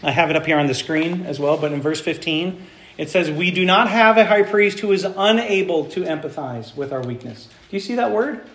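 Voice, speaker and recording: A high-pitched man preaches a sermon, drawing his congregation in with questions. His voice rings through an echoey church sanctuary. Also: fairly quick, a bit bright. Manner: engaging, asks the congregation questions. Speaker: pastor. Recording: echoey room.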